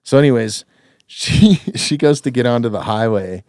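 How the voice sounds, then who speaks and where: A man's voice: mid-range voice, lively intonation, normal speed, darkish tone, no room sound, clean studio sound. A man in his thirties hosting a podcast, telling stories in casual chat with lots of dude and swearing. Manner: swears freely, says dude a lot. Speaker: podcast host.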